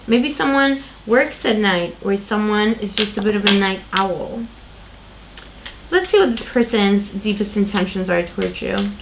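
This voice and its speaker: A woman's voice: mid-range voice, measured pace, background noise. A woman doing a casual tarot reading, talking in a loose, rambling way with lots of fillers and restarts. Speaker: tarot reader.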